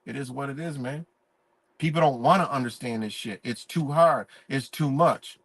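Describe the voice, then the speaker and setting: A man's voice: mid-range voice, moderate pace, fairly bright tone, no echo. A man ranting in a profane, emphatic, preachy way during a live-stream monologue.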